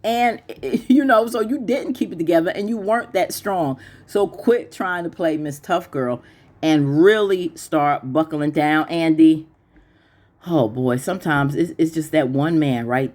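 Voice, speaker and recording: A woman's voice: a little slow, darkish tone. Chatty woman recapping a TV show. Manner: chatty and opinionated, laughs often, jumps up in pitch to mimic characters. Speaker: YouTube TV recap host. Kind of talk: casual TV episode recap.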